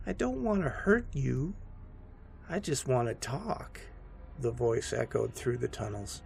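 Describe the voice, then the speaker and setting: A man narrating a scripted horror story in a slow, hushed and somber way. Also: mid-range voice, a little hiss or hum.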